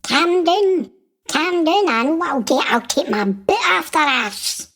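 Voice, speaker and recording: A man's voice: sits high, lively intonation, breathy edge, pitched above the performer's own voice, exaggerated voice. A man voicing a cheeky, hot-tempered male Martian guest. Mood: indignant. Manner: cheeky, quick to anger.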